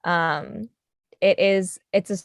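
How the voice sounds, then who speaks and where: A woman's voice: medium pitch, slow pace, vocal fry, no room sound, clean studio sound. A woman guest chatting casually on a craft livestream over a video call, filling her talk with "like" and little laughs. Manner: chatty, uses lots of likes, laughs while talking.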